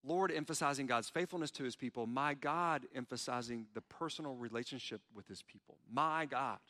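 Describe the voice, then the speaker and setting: A man's voice: mid-range voice, a little fast, pushed and bright, big-room sound. A man preaching a sermon, earnest in tone, voicing heartfelt pleas as he quotes prayers. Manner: earnest, pleading when quoting prayers. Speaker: pastor.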